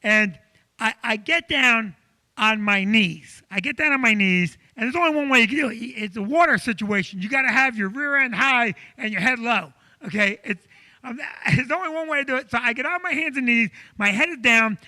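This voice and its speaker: A male comedian hosting a live show from a comedy club stage, telling an animated, self-deprecating story. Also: very high voice, normal speed.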